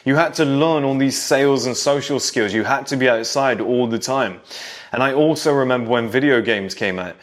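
A man's voice: medium pitch, normal speed. Man reminiscing to younger viewers. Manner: nostalgic, lecturing younger viewers directly. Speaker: vlogger. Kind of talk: casual monologue to camera.

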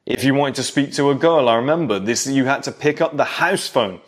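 A man in his thirties, a vlogger, delivers a casual, nostalgic monologue directly into the camera, brisk and medium-pitched. Addressing younger viewers, he recalls his own childhood in a somewhat lecturing way.

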